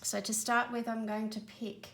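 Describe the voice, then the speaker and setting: A woman's voice: a little high, level tone, moderate pace, a bit bright. An Australian woman chatting casually while colouring at home, a bit breathless and apologetic, rambling as she works. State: slightly out of breath. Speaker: colouring channel host. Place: home spare room studio.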